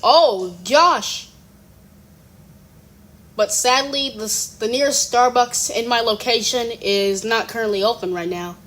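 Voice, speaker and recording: At a measured pace, a young speaker with a mid-range, slightly bright voice gives casual reaction commentary at home. The reaction video creator often giggles, exclaims in surprise, rambles, and corrects themselves along the way.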